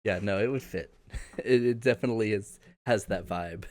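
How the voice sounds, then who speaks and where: A man co-hosting a casual podcast over a call, relaxed and laughing often as he talks. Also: on the low side, normal speed, dry recording. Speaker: podcast co-host. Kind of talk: casual chat.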